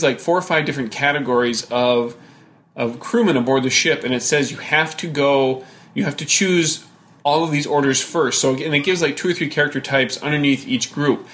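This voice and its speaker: A man's voice: fairly high pitch, fairly bright tone, a little hiss or hum. A man co-hosting a casual talk show about games, rambling with many fillers and restarts. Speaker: podcast co-host.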